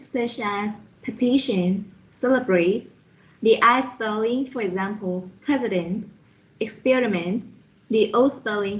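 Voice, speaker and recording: A woman presenting a lesson on pronunciation, reading out spellings and examples slowly and carefully, one letter at a time. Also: mid-range voice, dull audio. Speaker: student presenter reviewing a phonetics lesson. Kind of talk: slide-by-slide explanatory lesson.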